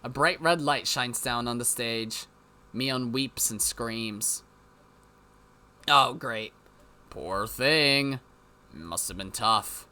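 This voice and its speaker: A man's voice: mid-range voice, extremely slow, pauses often, pushed and bright. A man reading a visual novel aloud, with brief side remarks of his own. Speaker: let's-play narrator. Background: game music.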